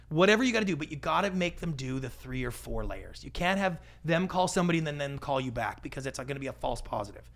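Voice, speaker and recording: Animated, gravelly storyteller man. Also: on the high side. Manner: animated storyteller, acts out quoted voices, quick asides. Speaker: podcast guest, pitching expert. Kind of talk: casual interview talk.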